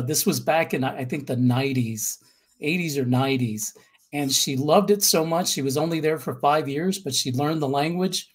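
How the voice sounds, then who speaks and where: American male guest, a bit husky, mid-high voice, animated storyteller. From United States. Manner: animated, tells stories with restarts. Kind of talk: casual storytelling.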